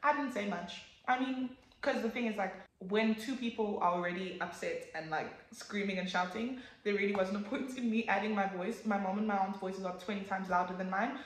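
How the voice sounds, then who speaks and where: Animated woman telling a story. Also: mid-range voice, fairly quick, hardly any pauses, reverberant. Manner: animated, swears, acts out quotes with sudden loud jumps. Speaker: vlogger. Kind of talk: casual storytime.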